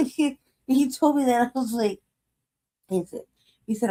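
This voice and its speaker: Laughing woman, mellow voice, rambling story. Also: a little high, measured pace, long pauses. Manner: rambling storytelling, laughing often, swears freely. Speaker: livestream host. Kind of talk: casual livestream chat.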